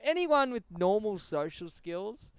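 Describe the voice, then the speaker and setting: Aussie male podcast host, smooth clear voice, dry close mic, swears and laughs through his stories. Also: high voice, very animated, unhurried, no echo. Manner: profane, laughing storyteller. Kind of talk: casual podcast chat.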